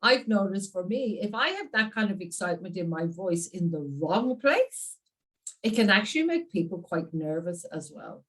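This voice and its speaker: Excitable Irish woman host. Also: mid-range voice, normal speed, far from the mic, low-quality recording. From Ireland. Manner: enthusiastic, animated, laughs often. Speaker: interview host. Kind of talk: conversational interview.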